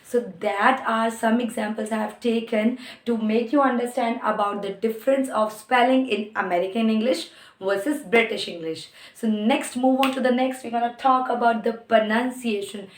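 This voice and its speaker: A woman whose first language is Hindi, teaching an online lesson and repeating example words slowly for practice. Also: fairly high pitch, steady tone, echoey room. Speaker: English teacher. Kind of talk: online lesson explaining pronunciation.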